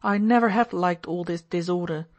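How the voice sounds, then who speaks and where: A woman's voice: on the low side, moderate pace, natural voice. A woman reading the part of an impulsive, brooding young man who talks in an expansive, feverish way. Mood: earnest. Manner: expansive, feverish, then dreamy.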